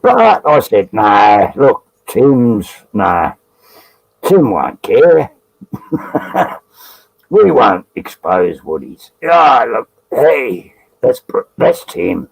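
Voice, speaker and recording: A husky, lowish male voice with vocal fry belongs to an Australian guest bantering casually on a live stream. He rambles, jokes and laughs a lot; the low-quality recording has no echo.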